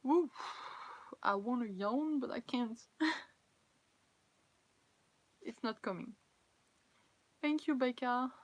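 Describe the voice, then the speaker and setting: A woman's voice: a little high, takes it slowly, long pauses, lo-fi sound, a little hiss or hum. Tired young French-accented woman chatting. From France. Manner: chatty, giggly, self-deprecating, reads chat aloud. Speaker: cosplay livestreamer. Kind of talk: casual live stream chat with viewers.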